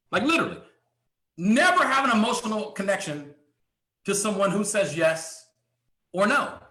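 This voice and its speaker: Male motivational speaker, sharp bright tone with wide swings in pitch. Emphatic delivery full of rhetorical questions, with frequent throat clearing. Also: reverberant. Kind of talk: motivational sales training talk.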